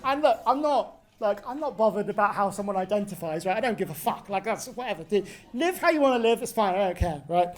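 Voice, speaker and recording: This stand-up comedian in her twenties has a medium-pitched, animated voice, talking fast with few pauses. At a pub venue, she rants through a swearing-heavy set, ending lines with "right?".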